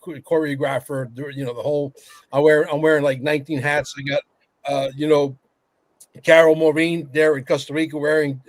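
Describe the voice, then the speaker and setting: A man's voice: on the high side, no echo. A man hosting a roundtable podcast, chatty and enthusiastic as he talks up his project. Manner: chatty, enthusiastic, self-promoting. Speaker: podcast host. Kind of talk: casual roundtable chat.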